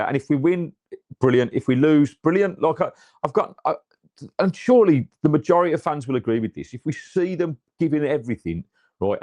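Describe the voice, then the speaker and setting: With a mid-range, slightly mellow voice and no echo, this Englishman co-hosts a podcast, chatting about his football club as a fan. His talk wanders, full of fillers and restarts.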